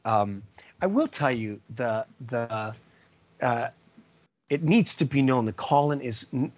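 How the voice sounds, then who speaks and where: Chatty male musician guest, storytelling with lots of asides, average pitch, lo-fi sound. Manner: animated anecdote-telling, many asides. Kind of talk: casual storytelling interview. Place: California.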